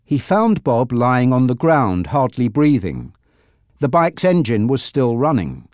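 A man narrating a graded reader audiobook, reading slowly and clearly. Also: medium pitch, no room sound, clean studio sound. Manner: slow, clear, expressive reading.

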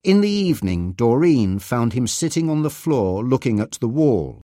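A man reading a story aloud as narrator, slowly, clearly and deliberately. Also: medium pitch, big pitch swings, mellow, no echo, studio quality. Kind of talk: scripted narration of a graded reader.

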